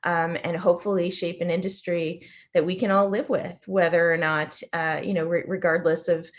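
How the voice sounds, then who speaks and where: A woman's voice: on the low side, flat delivery, moderate pace. A woman speaking as a panelist in a conference discussion, thoughtful and hesitant. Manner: thoughtful, many "um"s.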